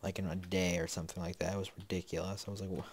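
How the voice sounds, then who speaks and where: A man's voice: low voice, flat delivery, rapid-fire, slightly rough. A man giving casual gameplay commentary as a Let's Play host, rambling and talking to himself with lots of fillers, a bit sniffly from a slight cold.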